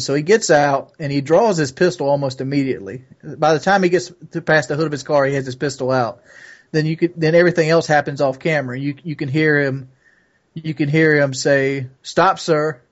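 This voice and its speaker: A man's voice: fairly high pitch, muffled recording. A man recounting a news story and arguing his view in a profane, opinionated way over a call. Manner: argumentative, profane. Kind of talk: opinionated chat. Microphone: call audio.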